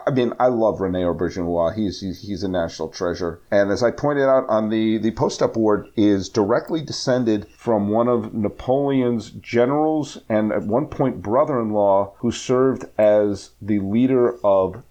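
A man with a fairly low voice talks casually about movies, retelling scenes and circling back with restarts. The recording sounds dull and lo-fi. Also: unhurried, few pauses, warm tone. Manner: rambling, restarts, recounts scenes. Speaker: podcast guest film commentator. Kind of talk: casual film commentary chat.

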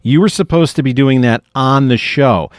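A man's voice: mid-range voice, normal speed, no room sound, studio quality. A man co-hosting a podcast who asks his guest blunt, pointed questions in casual banter. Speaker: podcast co-host.

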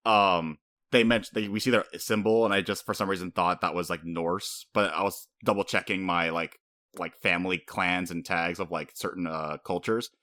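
A man co-hosting a casual podcast, talking fast and animated, laughing often and breaking into high-pitched impressions. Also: no echo, clean studio sound. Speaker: podcast co-host. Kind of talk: casual chat.

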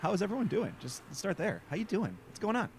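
A man's voice: high-pitched, very animated, quick pace, creaky, slight background noise. A man hosting a casual comedy podcast, joking around and chatting loosely with his co-host and guest. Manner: jokey, opens with a mock Russian bit then chats loosely.

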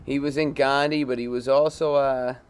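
A man's voice: mid-range voice, flat delivery, normal speed, slight background noise. Profane teasing man in casual banter. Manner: profane, teasing, laughing often. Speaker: podcast co-host.

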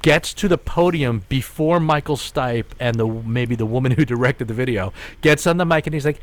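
A man's voice: mid-range voice, moderate pace, dry recording. Rambling male podcast host. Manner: rambling, animated storyteller. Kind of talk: casual storytelling.

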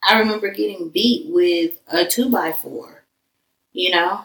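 A woman's voice: on the low side, measured pace, creaky, a bit bright, far from the mic. A woman frankly sharing her life story in a casual, emphatic conversation. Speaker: guest. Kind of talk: candid personal conversation. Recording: echoey room, voice a bit off-mic.

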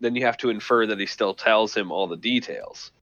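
A teasing, argumentative man with a lowish, bright, forceful voice, debating a book. His dry mic sounds dull and lo-fi. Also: brisk, dry recording. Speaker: podcast co-host. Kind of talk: casual book discussion.

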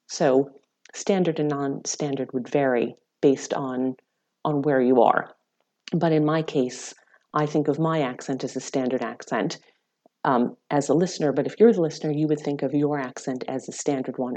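A woman psychology researcher giving measured, explanatory answers in an interview, with frequent ums. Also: sits low, warm tone.

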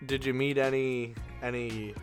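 A man's voice: medium pitch, little pitch movement, measured pace, over music. A young man co-hosting a podcast in casual chat, giggly and slangy, often cutting in with questions. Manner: giggly, interrupting, slangy, self-mocking. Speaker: podcast co-host.

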